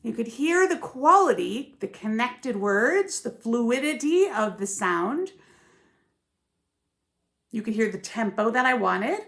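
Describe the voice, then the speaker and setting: A ballet teacher, a woman with a somewhat high voice, explains her craft with emphasis and a sense of rhythm. She keeps checking in with her listeners, asking "yeah?" and "right?" as she goes. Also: very animated, slow pace, fairly bright tone. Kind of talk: teaching tips to camera, with sung counts.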